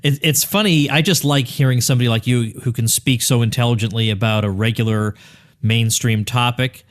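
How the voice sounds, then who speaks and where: A podcast host with a radio-style voice conducts a casual interview, chatty and quick to laugh. His voice is medium-pitched and steady, and he speaks fairly quickly.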